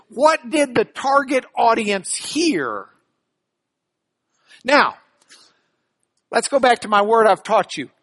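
A Bible class teacher lectures a roomful of students over a microphone, pitch swinging widely with animated emphasis. The voice is bright and sharp, and the pace is slow and deliberate as each idea gets spelled out with everyday examples. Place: classroom with audience.

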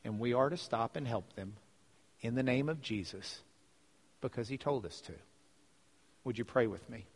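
A man preaching a sermon, telling a story with lively delivery and repeating phrases for emphasis. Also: medium pitch, moderate pace, long pauses, breathy edge. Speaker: pastor. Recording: reverberant hall.

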